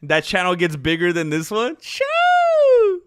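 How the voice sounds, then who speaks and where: Expressive and a bit bright, his medium-pitched voice moves at a measured pace as he hosts a casual livestream chat on his channel. He rambles, mocks himself, restarts often, fills gaps with fillers, and hiccups and burps, with a slight hiss or hum in the audio.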